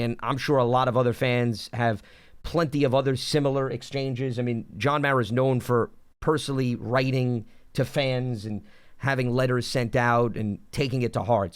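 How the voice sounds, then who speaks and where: A man hosting a sports talk show, measured and thanking callers. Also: mid-range voice, smooth, dry recording. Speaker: host.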